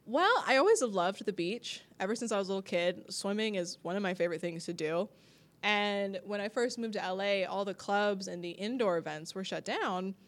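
A woman comedian chatting loosely about her craft, her voice at an everyday middle pitch. She laughs easily and slips into quick impressions of the people she talks about. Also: animated. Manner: laughs often, acts out quoted people. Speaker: comedian, podcast guest. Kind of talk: casual chat.

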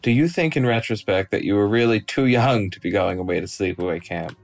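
A man's voice: on the low side, fairly quick, vocal fry, faint music behind. A young man, a grandson co-hosting a casual chat, making dry, self-deprecating remarks. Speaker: grandson and co-host.

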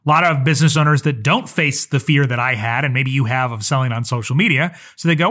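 A man's voice: on the high side, fairly quick, few pauses, bright, forceful tone. A man hosting a solo podcast as a social media coach, talking in an earnest, conversational way with personal stories. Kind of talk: solo podcast teaching talk.

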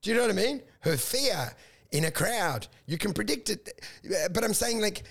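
A high-pitched man in full rant mode, swearing freely and building up steam as he riffs with a friend. His talk is loose, comedic and animated. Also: moderate pace, vocal fry. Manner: ranting, profane, animated. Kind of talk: casual comedic chat.

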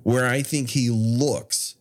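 A man's voice: mid-range voice, slow pace. A man co-hosting a podcast, casually recapping a horror film with frequent laughs. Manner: animated, laughs often, plot-summarizing. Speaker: podcast co-host. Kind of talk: casual movie recap chat.

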